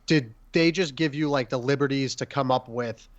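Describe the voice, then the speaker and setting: A man's voice: medium pitch, moderate pace, no room sound, dull audio. A man hosting a casual podcast interview, asking long, rambling questions. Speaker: podcast host.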